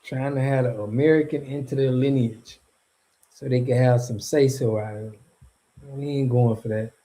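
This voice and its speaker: A man's voice: medium pitch, steady tone, normal speed, warm tone, poor audio. A man hosting a casual livestream, talking back to his chat in a loose, slangy, rambling way with frequent laughs. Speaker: streamer and channel host.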